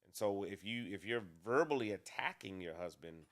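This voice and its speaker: A man co-hosting a casual talk show about marriage, speaking in a deliberate, measured way with some restarts. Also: lowish voice, animated. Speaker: co-host.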